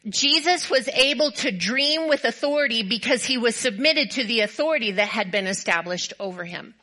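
Woman pastor, high bright voice; emphatic, repetitive sermon build-ups. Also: normal speed, rough recording. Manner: animated storytelling, acts out quoted voices.

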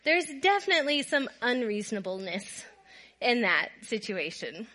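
Lady vlogger from minnesota, super animated voice, keeps laughing. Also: a little high, normal speed. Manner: laughs often while telling stories, animated. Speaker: storyteller vlogger. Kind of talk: casual storytelling to camera.

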